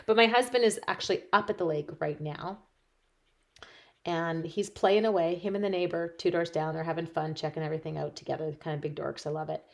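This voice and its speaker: A woman's voice: low voice, fairly even intonation, fairly quick, gravelly. A woman demonstrating stamping on a livestream, chatting casually and giggling as she answers viewers while she works. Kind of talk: casual live-stream chat while crafting.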